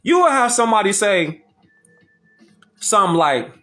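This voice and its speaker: Animated man lecturing over faint music. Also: a little high, a little slow. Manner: emphatic, repeats phrases, addresses listeners as fam. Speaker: talk show host. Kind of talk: preaching lecture to viewers.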